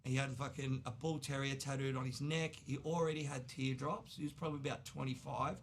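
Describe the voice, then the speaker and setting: A man in his forties with an Australian accent, telling wild work stories in casual chat, animated and swearing, acting out the people he quotes. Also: medium pitch, fairly quick, slight background noise. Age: 40s. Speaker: tattoo artist guest. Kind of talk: casual storytelling.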